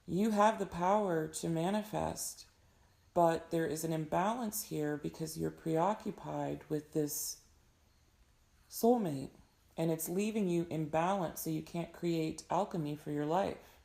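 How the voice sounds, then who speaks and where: A young woman with a hoarse voice giving an earnest, advising tarot reading in casual talk. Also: sits low, unhurried, mellow. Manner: earnest, advising, frequent fillers. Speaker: tarot reader.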